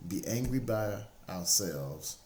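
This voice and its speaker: Low-voiced man coaching in an echoey room. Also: darkish tone, a little hiss or hum. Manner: repetitive, conversational, drives points home by repeating phrases; faith-based encouragement. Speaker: motivational speaker. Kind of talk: casual motivational talk. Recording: roomy, echoey room sound.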